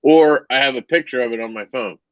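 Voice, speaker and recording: A man's voice: medium pitch, a little fast, no echo. Male podcast co-host, easygoing and profane, dry muffled home recording. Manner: loose, swearing, joking. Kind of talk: casual podcast chat.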